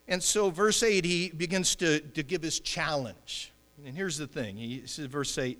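A man's voice: fairly high pitch, measured pace, few pauses, fairly bright tone, big-room sound. A man preaching a sermon as pastor, talking in a loose conversational way with many fillers and restarts.

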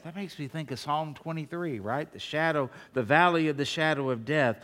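Pastor preaching in an echoing church. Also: male voice, on the high side, normal speed. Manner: animated preaching, half-singing hymn lines. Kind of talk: sermon. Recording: long reverb of a large hall.

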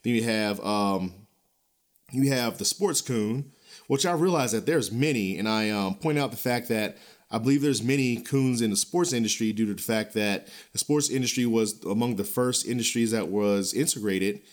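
A man hosting a podcast, ranting in a blunt, profane, animated way with frequent chuckles and a loose, rambling delivery full of restarts. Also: on the low side, normal speed. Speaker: podcast host. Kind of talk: casual ranting podcast commentary.

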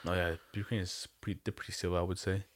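A man's voice: low-pitched, little pitch movement, fast. A young man in casual chat, rambling and slangy, full of "like" and "bro".

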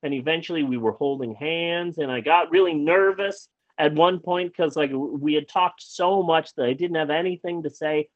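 Animated man with a highish voice. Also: normal speed, hardly any pauses, dull audio. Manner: animated, repeats words, swears freely. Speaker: guest telling a personal story. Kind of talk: casual anecdote.

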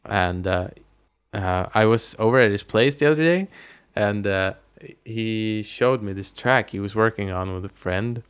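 A man co-hosting a casual movie review podcast, retelling scenes in a lively way and laughing often. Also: on the low side, a little slow, clean tone. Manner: animated retelling, acts out lines, laughs often. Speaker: podcast co-host.

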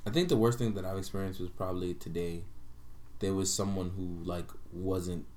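A man's voice: deep voice, moderate pace, slight background noise. A man in a casual group chat, telling stories animatedly and swearing freely. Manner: animated storyteller, swears freely, acts out people in dialogue.

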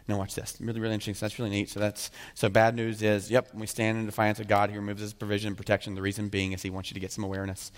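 Fast-talking pastor preaching in a reverberant hall. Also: male voice, fairly low pitch, monotone. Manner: emphatic, voices imagined speakers, rising and falling intensity. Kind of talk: sermon.

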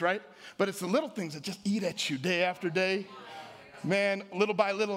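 High-voiced, joking preacher man. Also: quick pace. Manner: joking, animated preaching with crowd prompts. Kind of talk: sermon. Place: church.

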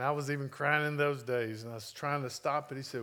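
A man's voice: medium pitch, fairly even intonation, a little fast, hardly any pauses, bright, forceful tone. A middle-aged man preaching a sermon, telling a personal story with emotion and earnest emphasis. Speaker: pastor.

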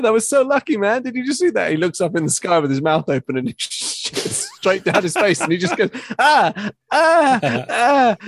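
A man's voice: medium pitch, dry recording. Laughing man in dry casual chat. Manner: laughs often while retelling comedy scenes. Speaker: podcast co-host.

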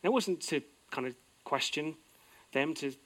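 A middle-aged man delivers a sermon in an earnest, heartfelt way. His voice sits somewhat high for a man, and he moves between bright, emphatic lines and quiet, low-voiced reflection. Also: animated, moderate pace. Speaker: pastor.

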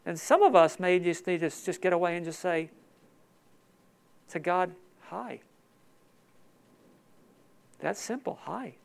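A man preaching a sermon with emotion, swinging between loud emphatic passages and soft hushed ones. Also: high-pitched, normal speed, long pauses, smooth. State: tearful. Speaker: pastor.

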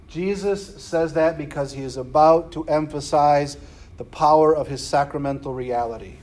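A man's voice: a little high, darkish tone. A man preaching a casual Bible class, conversational and full of "right?" and slangy asides. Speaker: preacher teaching a scripture class.

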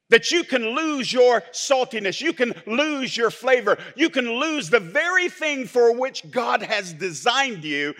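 A male pastor, preaching a sermon that swings from soft, low asides to loud, forceful declarations. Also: sing-song, moderate pace.

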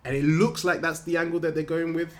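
A man's voice: on the high side, level tone, a little fast, a bit bright. A young man co-hosting a casual podcast, rambling through his points with restarts and frequent laughter. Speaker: podcast co-host. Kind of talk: casual chat about films.

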